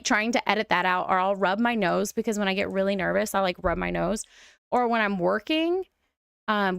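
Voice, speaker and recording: A young woman chats loosely as she streams a life-sim game, laughing easily and rambling from one thought to the next. Her voice has a gravelly, fry-tinged edge, and it sits close and dry with no room sound. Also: medium pitch, fairly bright tone, no echo. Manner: chatty, rambling, laughs often. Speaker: gaming streamer. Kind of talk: casual live stream chat.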